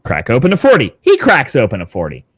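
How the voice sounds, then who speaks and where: A man, a guest on a podcast, telling a story casually, animated and swearing freely. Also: medium pitch, quick pace, breathy edge. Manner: animated, swears freely, acts out quoted dialogue. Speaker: podcast guest, content creator.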